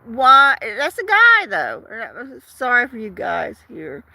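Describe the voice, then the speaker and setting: A woman's voice: a little high, huge pitch swings, slow pace, creaky, bright, forceful tone. A woman host on a livestream, ranting in an indignant, emphatic, casual way. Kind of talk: casual ranting live chat.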